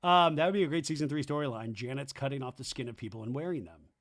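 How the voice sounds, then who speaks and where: A man hosting a solo podcast, recapping a reality show episode and acting out the cast's lines in quick put-on voices. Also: medium pitch. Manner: animated, acts out cast members' lines in quick put-on voices.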